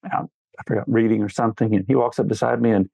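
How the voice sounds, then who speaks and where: Earnest fatherly man with a gravelly voice. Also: on the low side, fairly even intonation, quick pace, dark tone, no echo. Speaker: guest. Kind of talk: candid interview talk.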